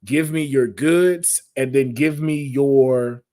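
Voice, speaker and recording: A man's voice: mid-range voice, takes it slowly, mellow, dry recording, studio quality. A man with a Southern US accent hosting a casual wrestling podcast, hyping the show and joking with his guest. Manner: hype, showman-like openings, joking. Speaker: podcast host.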